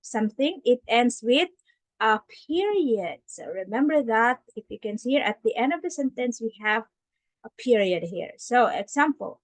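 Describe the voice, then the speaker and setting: A woman's voice: on the high side, no room sound, low-quality recording. A woman teaching a grammar lesson for young children over a shared screen. She talks patiently, repeats herself and models how sentences should sound. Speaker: online English teacher.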